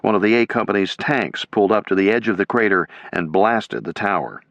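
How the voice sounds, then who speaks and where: A man reading a military history audiobook in steady, measured scripted narration. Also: fairly low pitch, creaky, no room sound. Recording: dull lo-fi.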